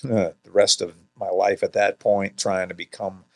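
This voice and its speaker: Brief: very low male voice, relaxed guest, chuckles through his stories. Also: moderate pace, gravelly. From Georgia, USA. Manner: laughs often while telling anecdotes. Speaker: actor and podcast guest. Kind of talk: casual interview storytelling. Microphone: podcast studio microphone.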